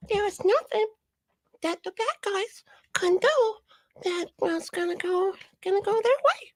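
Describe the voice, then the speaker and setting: A squeaky, babbling little toddler playing at prophecy, put on by a man. The voice sits far up in a childish register, full of halting "uh"s and stammered restarts. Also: animated, fairly bright tone, no echo, full character voice.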